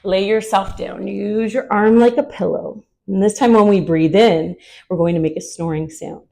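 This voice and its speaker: Gentle woman telling a kids yoga story. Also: medium pitch, moderate pace, gravelly. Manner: gentle, asks the children questions.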